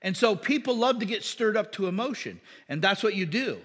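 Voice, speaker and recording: A man's voice: sits high, lively intonation, a little fast, fairly bright tone. A man preaching a conversational sermon, with many fillers, asides and repetitions. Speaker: pastor. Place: church hall. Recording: long hall reverb.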